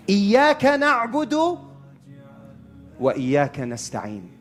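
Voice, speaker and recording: A man preaching a live sermon in an animated way, calling on the audience. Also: high-pitched.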